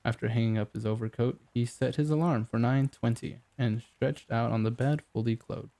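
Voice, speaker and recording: Gravelly, dark-voiced male audiobook narrator. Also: medium pitch, steady tone, normal speed. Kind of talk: scripted narration.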